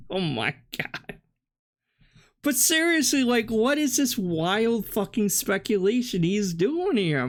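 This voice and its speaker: A man with a notably high voice mocks the clip he is reacting to. His sarcastic, combative commentary is laced with swearing. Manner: mocking, combative, swears a lot. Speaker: reaction channel host.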